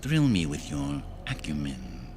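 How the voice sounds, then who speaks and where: A man playing a menacing, cultured male killer doctor in a stage play, speaking slowly and mockingly. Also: extremely low pitch, very animated, background noise, heavily acted. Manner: slow, sinister, mocking.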